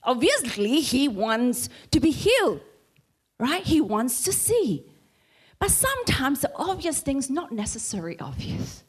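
A woman preacher tells a story in a sermon with dramatic flair, often stammering and repeating words. Her voice is very high and moves widely in pitch. She speaks slowly and draws the story out. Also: big pitch swings.

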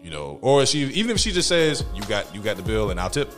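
A man's voice: lowish voice, big pitch swings, fast talker, a bit bright, soft background music. A young man co-hosting a podcast in loose, joking casual chat, swearing freely. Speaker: podcast co-host.

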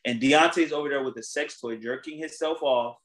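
Animated, profane man recapping gossip. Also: mid-range voice, fairly quick, poor audio. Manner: animated storyteller, profane, slangy. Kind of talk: casual recap chat.

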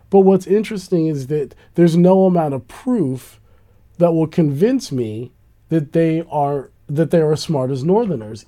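A man chatting casually on a podcast, rambling through his thoughts with frequent laughs. His voice sits a little high but sounds very dark and mellow. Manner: rambling, animated, laughs often, swears. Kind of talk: casual chat.

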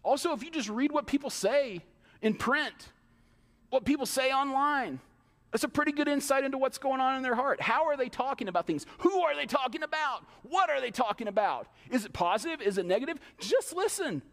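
A man preaches from the pulpit, his voice high and swinging widely in pitch. He talks fast and conversationally, slipping into mocking little impressions of other people. A long reverb trails after his words, as in a church sanctuary. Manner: animated preaching, mimics excuses in asides. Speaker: pastor. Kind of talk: sermon.

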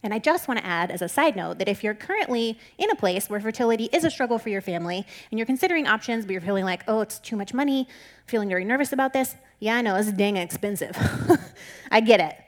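A woman delivering a casual Bible teaching in a candid, conversational manner. Her voice sits at an ordinary middle pitch, and she reassures and encourages her listeners, often slipping in "like" as she talks. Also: lively intonation, fast talker. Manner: conversational and candid, with frequent "like" fillers.

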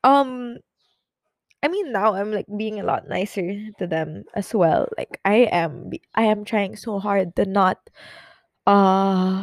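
Speaking slowly at medium pitch with some vocal fry, a young adult woman hosts her own podcast of confessional chat. It's emotional and rambling, tearful in places, with many fillers and false starts, recorded at studio quality without echo.

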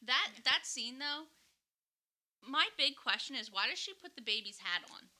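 A woman's voice: sits high, animated, normal speed, sharp tone. A woman in a casual movie chat, tossing in playful, jokey asides.

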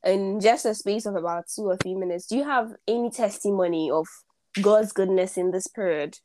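A woman's voice: mid-range voice, normal speed, a little mellow. A young woman hosting a casual faith conversation, laughing often and repeating words as she talks. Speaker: podcast host. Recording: faint background noise.

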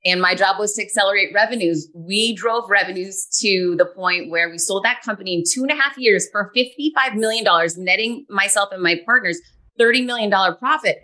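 A woman in her forties, a podcast guest telling her story in an energetic, animated way. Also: mid-range voice, a little fast. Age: 40s. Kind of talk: podcast interview.

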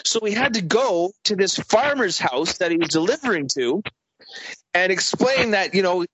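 A man's voice: high voice, expressive, normal speed, a bit bright, husky, no echo. A man in casual chat, telling a story in a rambling, profane way with many restarts. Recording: dry, dull lo-fi audio.

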